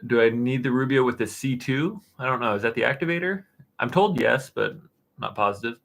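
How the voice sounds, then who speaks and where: A man in his thirties hosting a casual live stream, answering chat questions in a relaxed, rambling way with plenty of fillers and restarts. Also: mid-range voice, brisk, creaky. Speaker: woodworking channel host answering live chat. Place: dark-painted home studio room.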